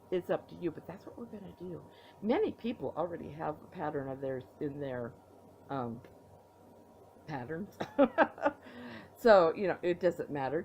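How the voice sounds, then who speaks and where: A woman's voice: fairly low pitch, a little mellow, a little hiss or hum, rough recording. A tired middle-aged woman hosting a knitting podcast from her home, chatting casually and rambling as she shows her projects with playful reveals. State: tired, yawning. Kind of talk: casual show-and-tell chat. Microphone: tablet recording.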